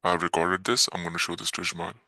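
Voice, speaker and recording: A man's voice: deep voice, monotone, fast, pushed and bright, dry recording, pitched below the performer's own voice, full character voice, rough recording. A man talking to his group through a voice changer, laughing and self-conscious about it.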